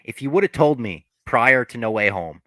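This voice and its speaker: A man hosting a podcast, casually recapping a movie scene by scene, animated and profane, acting out the characters' lines. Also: medium pitch, moderate pace, no room sound. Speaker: podcast host.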